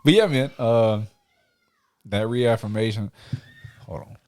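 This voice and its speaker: A man hosting a casual podcast chat, telling animated stories with frequent laughs and casual swearing. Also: lowish voice, takes it slowly, no echo. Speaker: podcast host.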